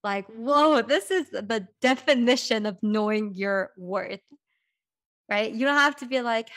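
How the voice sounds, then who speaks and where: A woman's voice: a little high, a little slow, fairly bright tone, no room sound, studio quality. A young woman hosting a podcast, talking casually and reflectively, with frequent "like" and light laughs. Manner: chatty, says "like" often, laughs lightly. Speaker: podcast host.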